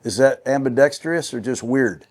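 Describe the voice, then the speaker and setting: A man's voice: medium pitch, normal speed, darkish tone. A man hosting a casual sports interview, talking bluntly and jokingly with plenty of swearing. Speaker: host.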